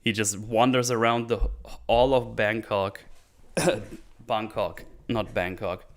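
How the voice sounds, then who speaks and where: A man casually recapping a martial arts film, rambling and swearing freely. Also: fairly low pitch. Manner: rambling, swears freely, puts on quick voices for characters. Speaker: film reviewer.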